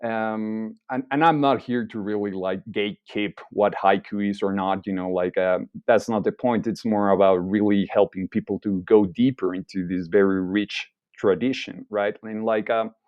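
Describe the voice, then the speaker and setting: A man's voice: fairly low pitch, fairly even intonation, moderate pace, few pauses, no echo, highs cut off. A man guesting on a casual podcast, speaking thoughtfully and hesitantly, with many fillers.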